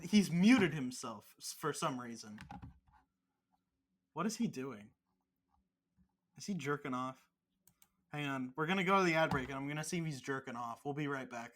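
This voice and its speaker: A man's voice: a little high, animated, normal speed, long pauses, a bit bright. A man co-hosting a podcast over a remote call, teasing his co-host in crude, mock-angry casual chat full of swearing.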